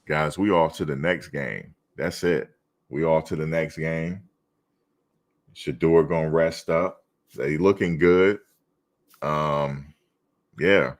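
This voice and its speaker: Very deep-voiced male fan stream host. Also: slow, pauses often. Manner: laid-back, teasing chat commenters. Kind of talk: casual chat reading live comments.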